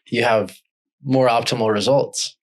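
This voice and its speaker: A man's voice: mid-range voice, steady tone, a little slow. A man hosting a podcast interview, chatting casually and giving short affirming replies. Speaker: podcast host.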